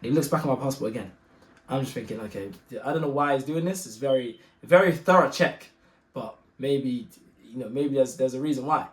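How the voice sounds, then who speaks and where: A young man telling a story in a slangy, animated way, acting out the other people's voices. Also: fast talker. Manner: slangy, acts out voices, gets loud and high when excited. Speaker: guest telling his story. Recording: echoey room.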